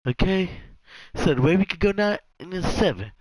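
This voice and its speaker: A man giving casual, jokey commentary over a football video game, acting out the players in quick asides. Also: sits high, sing-song, no room sound, rough recording. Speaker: gaming commentator.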